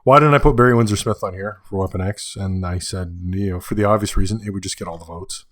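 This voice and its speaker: A man hosting a casual solo podcast, chatty and rambling, correcting himself and getting excited in asides. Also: low voice, fast talker, dry recording, studio quality. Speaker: podcast host.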